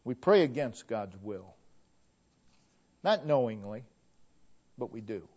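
A middle-aged pastor preaching a sermon in an earnest way, repeating key phrases, swelling to emphatic peaks and then dropping low. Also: male voice, sing-song, takes it slowly, darkish tone, slightly rough. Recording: dull lo-fi church recording.

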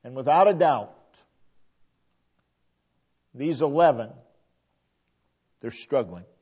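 A man preaching a sermon, building to emphatic peaks and then letting his line endings fall to a hush. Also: medium pitch, animated, slow, breathy edge, dull audio.

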